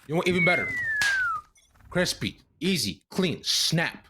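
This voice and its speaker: A man's voice: on the high side, wildly swooping pitch, unhurried, very noisy. A man co-casting a live esports match, hyped and playful, joking with slang and stretching words for emphasis. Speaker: esports co-caster. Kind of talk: live color commentary, casual banter.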